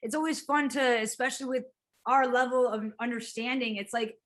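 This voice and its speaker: A woman, a physical therapist, chatting as an interview guest, animated and quick to act out quotes and laugh. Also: a little high. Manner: animated storyteller, acts out quotes, laughs often, swears casually. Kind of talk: casual interview chat.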